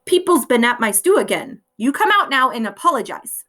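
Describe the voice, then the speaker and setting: Husky, threatening ogress, slow and loud, broken speech, put on by a woman reader. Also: on the high side, big pitch swings, pitched above the performer's own voice, exaggerated voice. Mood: menacing. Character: huge lumbering female ogress, gruff and menacing.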